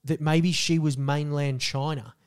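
A man tells a rambling, profane story on a casual podcast. He is animated and breaks into loud quoted voices. His voice sits slightly high for a man. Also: unhurried, clear, resonant tone. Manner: animated, profane, jumps into loud voices when quoting people. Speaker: podcast co-host.

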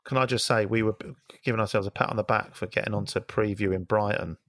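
A man's voice: fairly low pitch, steady tone, fast talker, a bit bright, no room sound, studio quality. A man co-hosting a casual football podcast, wry and self-mocking. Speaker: podcast co-host.

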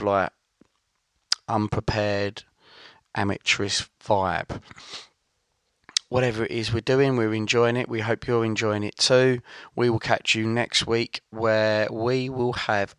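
A man's voice: medium pitch, a bit bright, dry recording. A man hosting a podcast, closing the episode in a dry, joking, offhand way. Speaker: podcast host. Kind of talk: podcast sign-off.

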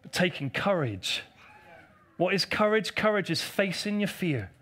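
With a high, bright, forceful voice and big swings in pitch, a male pastor preaches unhurriedly to a live congregation in church. He addresses them directly, repeats key phrases for emphasis, asks for responses, and teases members in the pews.

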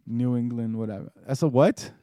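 A playful man co-hosting a podcast, needling his partner and laughing easily between remarks. His voice is at a middle pitch and sounds dry and close. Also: fairly quick, dark tone, no room sound. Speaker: podcast co-host. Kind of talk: casual chat.

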